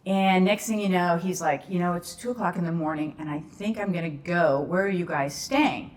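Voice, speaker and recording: A woman tells a story as a podcast guest, chatting casually. Her voice sits a little low. She acts out the people in the story with lively shifts. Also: normal speed. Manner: animated storyteller acting out quoted dialogue.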